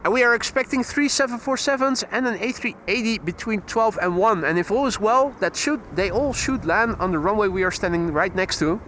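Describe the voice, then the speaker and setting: Dutch guy doing plane spotting commentary by the runway, pretty high voice, a bit of outdoor noise behind. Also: a little fast, hardly any pauses. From Netherlands. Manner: steady, informative call-outs of arriving planes. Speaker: plane-spotting livestream host. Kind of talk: live aviation commentary. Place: outdoors next to an airport runway.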